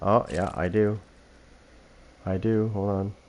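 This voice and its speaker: A man's voice: sits low, steady tone, slow pace, a little mellow, slight background noise. A man streaming a game live, commentating with brash, foul-mouthed trash talk. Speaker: streamer playing a killer.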